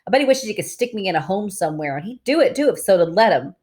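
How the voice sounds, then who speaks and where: A hurt, bitter teenage boy in a storybook reading, voiced by a woman. He snaps his words out, pitched somewhat above the reader's plain low voice. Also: animated, normal speed, lightly acted. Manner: bitter, snapping.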